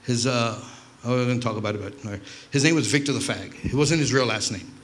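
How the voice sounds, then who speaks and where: A man's voice: mid-range voice, quick pace, fairly bright tone, a little hiss or hum. A man from New York doing stand-up, telling rambling, profane stories full of restarts. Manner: profane, rambling, self-interrupting. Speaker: stand-up comedian. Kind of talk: stand-up storytelling.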